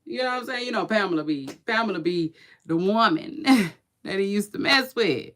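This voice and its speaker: A woman's voice: medium pitch, animated, moderate pace, a bit bright. A woman with children, chatting casually and outspokenly about celebrity gossip on a live stream, laughing often and using slang. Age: adult with children. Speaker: commentary vlogger reacting to celebrity gossip.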